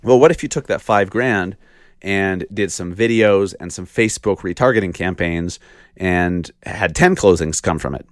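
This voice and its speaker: Podcast host, male, low deep voice, blunt rant with rhetorical questions, dry close mic. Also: normal speed, no echo. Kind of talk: casual solo podcast monologue.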